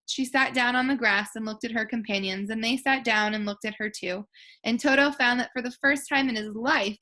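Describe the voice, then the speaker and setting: A woman teacher reading a storybook aloud to her pupils, her voice bright and a little high. She reads gently and plainly, now and then going back over a phrase. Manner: gentle, self-deprecating, occasional restarts. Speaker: elementary school teacher. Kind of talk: reading a children's book aloud.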